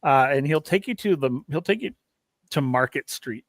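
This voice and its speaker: A man running a tabletop game as game master, chatty and loose, laughing often and filling pauses. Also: fairly high pitch, expressive, dry recording. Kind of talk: narrating a tabletop game over a live stream.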